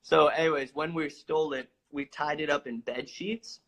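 A man casually telling a long, animated story, swearing freely and acting out the lines he quotes. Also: fairly high pitch, moderate pace, poor audio.

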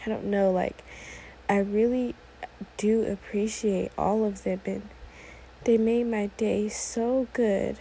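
A woman's voice: mid-range voice, steady tone, takes it slowly, gravelly, mellow, slight background noise, rough recording. An eighteen-year-old woman hosting her own podcast, talking alone in a rambling, easily sidetracked way, full of "like"s. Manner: rambling, often sidetracked, many "like"s. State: a little emotional, teary. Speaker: podcast host. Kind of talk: casual solo podcast monologue.

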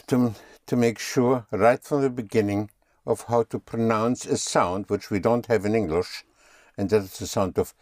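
A man's voice: fairly low pitch, no echo, studio quality. A man teaching German in a patient one-on-one lesson, often spelling words out letter by letter.

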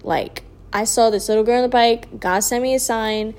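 A young woman's voice, a little high and steady, relates a personal story for her vlog. She's casual, yawning and sleepy, dragging her words out slowly with plenty of "like" and asides that fade away.

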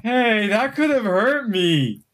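A game master puts on a big, dim-witted ogre with a thin, raised voice that stretches every word into a slow, wounded whine. He sounds aggrieved, like a giant who is surprised to be hit back. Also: high voice, very animated, fairly bright tone, voice pushed up, exaggerated voice. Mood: whiny. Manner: drawn-out, plaintive lines.

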